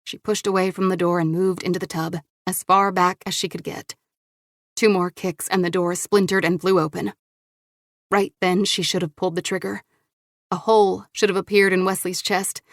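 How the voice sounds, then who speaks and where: A woman narrating a thriller audiobook in a steady, measured way into a studio microphone. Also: fairly low pitch, no room sound. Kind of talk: scripted narration.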